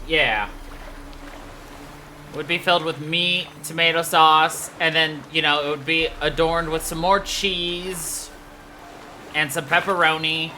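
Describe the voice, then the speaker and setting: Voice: mid-range voice, bright, forceful tone, slight background noise. A streamer giving casual gameplay commentary in a loose, rambling way, swearing freely. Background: game music.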